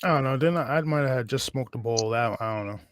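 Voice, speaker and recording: A man's voice: mid-range voice, fast talker, background noise. A man joking animatedly in casual podcast banter.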